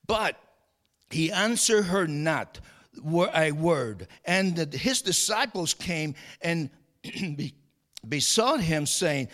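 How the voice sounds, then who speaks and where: A man's voice: on the high side, sing-song, slow, a bit bright. A man preaching a sermon, reading scripture aloud and preaching with rising fervor, often restarting and repeating words. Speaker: pastor.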